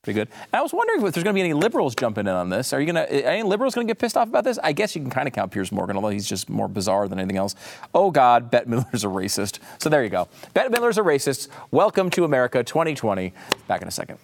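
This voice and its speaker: A man's voice: medium pitch, huge pitch swings, rapid-fire, vocal fry. A man hosting an opinionated commentary show, sarcastic and indignant, often restarting his sentences. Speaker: political commentary host.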